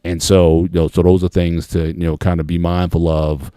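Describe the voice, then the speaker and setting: A man's voice: low-pitched, level tone, moderate pace, dark tone, clear, resonant tone, dry recording, studio quality. A man hosting a casual interview, hedging his points with "kinda" and "you know".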